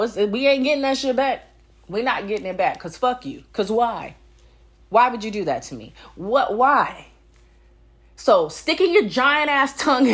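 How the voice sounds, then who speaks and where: Young woman podcast host, solo rant, blunt and profane, wide pitch swings.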